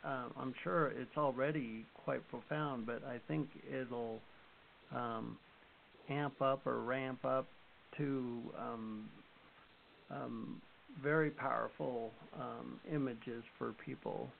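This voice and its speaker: A man hosting an interview, slow and hesitant, often searching for his words. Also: mid-range voice, steady tone, gravelly. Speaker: host. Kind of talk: casual interview chat. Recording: tinny phone line with faint hiss.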